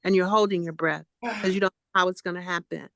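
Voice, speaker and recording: A woman talks a friend through slow breaths, coaxing and affectionate, calling her honey and baby. Her voice sits close and dry, with almost no room sound around it. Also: fairly low pitch, fairly even intonation, creaky, dry recording. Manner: warm, coaxing, calls people honey and baby. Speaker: co-host. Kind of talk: supportive group talk, coaching breathing.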